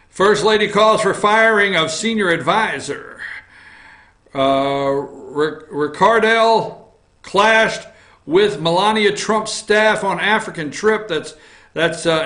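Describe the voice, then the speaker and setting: A man's voice: on the high side, sharp tone. A man hosting a casual opinion talk show from his office, reading through news items with a wry, teasing manner. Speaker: host.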